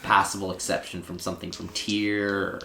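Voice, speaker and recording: A player in a tabletop game, thinking aloud in a halting way while planning moves. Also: low voice, flat delivery, gravelly, very noisy. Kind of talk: tabletop role-play. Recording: roomy echo.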